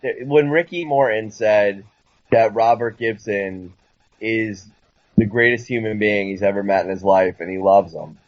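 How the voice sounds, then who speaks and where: A lower-pitched man rambles excitedly through a casual podcast chat. The sound is dull and lo-fi, dry and close with no room around it. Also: unhurried, no room sound. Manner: rambling, excitable, mocking high-pitched impressions. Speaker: podcast co-host.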